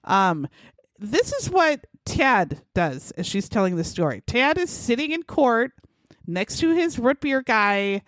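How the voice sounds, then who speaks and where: Animated woman retelling a case. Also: a little high, slow, no room sound. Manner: animated retelling, acts out quotes in shouted voices. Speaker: podcast co-host. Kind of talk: casual true-crime chat.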